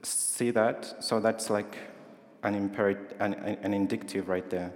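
A man's voice: lowish voice, fairly even intonation, normal speed. A man preaching a sermon in a conversational way, asking his listeners questions. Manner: conversational, asks the congregation questions. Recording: roomy hall with long reverb.

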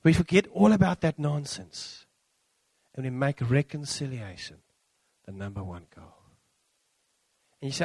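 A middle-aged man preaching a sermon, animated and acting out quotes with big swings in pitch. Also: a little slow, pauses often, husky, dry recording.

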